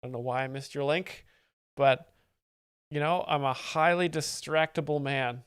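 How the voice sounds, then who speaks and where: A man hosting a live stream, giving mock-expert commentary and reading chat in a deadpan, easily distracted way. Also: a little high, moderate pace, clean tone, no echo, studio quality. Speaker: livestream host. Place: home setup with several screens.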